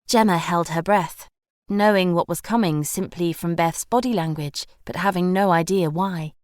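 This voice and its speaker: A woman's voice: on the low side, normal speed, a little mellow, no room sound, clean studio sound. Woman reading a romance audiobook. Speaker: audiobook narrator. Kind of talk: scripted narration.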